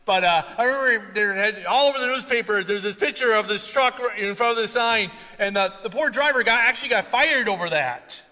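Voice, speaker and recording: A man preaching a sermon, telling stories with animated delivery and sudden loud outbursts. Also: high-pitched, fairly quick, hardly any pauses. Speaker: pastor. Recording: long hall reverb.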